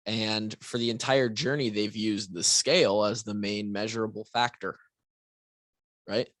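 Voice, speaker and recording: A fitness coach does a casual solo podcast, his fairly low, slightly bright voice steady in tone at a measured pace with no room sound. He seems tired and yawns, peppering his talk with restarts, asides and "right?"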